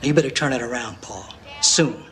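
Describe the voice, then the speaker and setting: An actor playing a blunt, scolding sales manager in a TV movie. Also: male voice, mid-range voice, brisk, fairly bright tone, slight background noise, natural voice. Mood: stern. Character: stern, cutting male sales manager. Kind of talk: TV movie acting.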